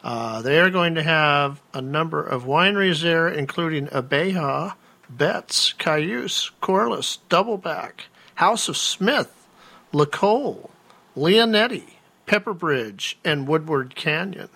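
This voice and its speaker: A man's voice: on the high side, expressive, slow pace, vocal fry, pushed and bright. A man co-hosting a casual chat, reading out event listings with playful, joking asides. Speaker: co-host.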